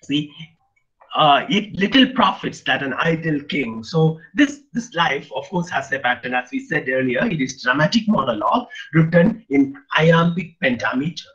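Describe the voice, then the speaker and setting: A man's voice: a little high, expressive, moderate pace, a bit bright, highs cut off. A man giving an online lecture on poetry, often restarting and repeating phrases as he explains. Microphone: video call.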